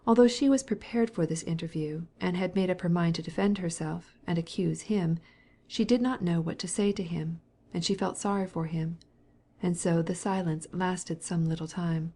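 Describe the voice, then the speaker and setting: A woman narrating an audiobook of a classic novel in a calm, measured reading. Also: on the low side, breathy edge.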